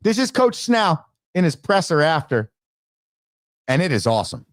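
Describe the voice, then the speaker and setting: Host-coach, high and lively, emphatic rant, dry close mic. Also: male voice, moderate pace, no echo. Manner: emphatic, exasperated, ranting. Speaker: baseball coach and show host. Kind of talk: casual sports commentary rant.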